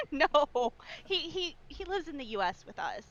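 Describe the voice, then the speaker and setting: A woman's voice: high-pitched, big pitch swings, a little slow, muffled recording, a little hiss or hum. A woman from the northern United States, a podcast guest, chatting casually in a giggly, self-deprecating way. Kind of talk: casual chat.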